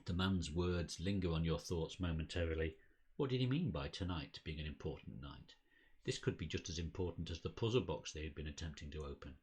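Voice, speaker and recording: A man co-hosting a podcast, reading the story text of a card game scenario aloud in a steady, measured way. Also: extremely low pitch, breathy edge.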